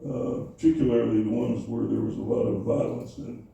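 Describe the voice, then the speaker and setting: An older man recalling his Navy years in an oral history interview, speaking haltingly with many fillers and restarts. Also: mid-range voice, fairly even intonation, vocal fry, mellow. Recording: echoey room, voice from far off.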